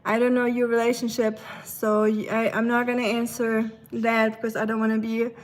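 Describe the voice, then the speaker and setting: Woman, German accent, somewhat high voice, casual chatty live streamer at home. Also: completely flat delivery, moderate pace. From Germany, Black Forest. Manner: chatty, many fillers and asides. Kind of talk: casual live-stream chat, answering viewers. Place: home kitchen.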